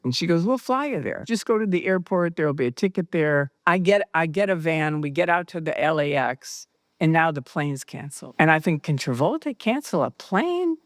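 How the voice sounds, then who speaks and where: A woman recounting her personal experiences, animated and acting out the dialogue she quotes. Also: on the low side, no room sound, studio quality. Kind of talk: personal storytelling.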